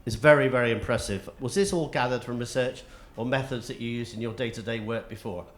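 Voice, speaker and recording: A man's voice: mid-range voice, brisk, slight background noise. A man interviewing an author on stage, asking admiring questions.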